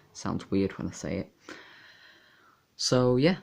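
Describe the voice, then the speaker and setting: A young man casually talking through a card game deck, rambling and halting with fillers and restarts. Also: fairly low pitch, lively intonation, vocal fry, a little mellow. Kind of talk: casual deck profile talk.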